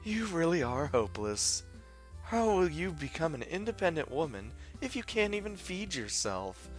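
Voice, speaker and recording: A man doing a soft, teasing schoolgirl. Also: mid-range voice, very animated, normal speed, soft background music. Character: teasing, composed teenage girl, the sister.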